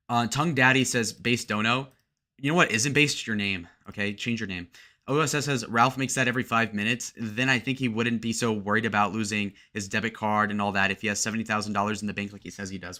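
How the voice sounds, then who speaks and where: Bright-voiced man reading his livestream chat. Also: on the low side. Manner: crude, joking, bursts into loud excited shout-outs. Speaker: livestream host.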